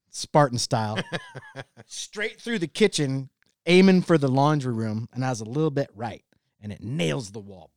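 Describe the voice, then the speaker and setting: A man's voice: mid-range voice, normal speed, dry recording, studio quality. A man in his forties telling a family story on a podcast, acting out the dialogue and laughing as he goes. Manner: animated storyteller who acts out quoted dialogue; laughs through his own stories. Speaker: podcast co-host or guest. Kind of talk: casual podcast chat.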